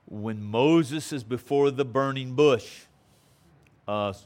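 A man's voice: medium pitch, takes it slowly. A man teaching a Bible passage in a conversational way, checking in with listeners and building to emphatic preaching. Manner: conversational, checks in with frequent "okay?"; acts out quotes with playful voices.

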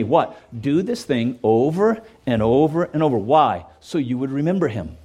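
Animated male preacher. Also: medium pitch, moderate pace, husky. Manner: conversational preaching, frequent "okay?" check-ins; acts out quoted voices and jokes. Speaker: pastor. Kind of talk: sermon.

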